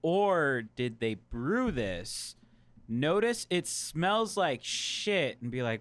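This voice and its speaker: A man's voice: medium pitch, lively intonation, a little hiss or hum. A man co-hosting a casual beer-tasting podcast who muses aloud, with crude jokes. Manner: slow, musing, crude humor. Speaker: podcast co-host. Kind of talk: casual chat over beers.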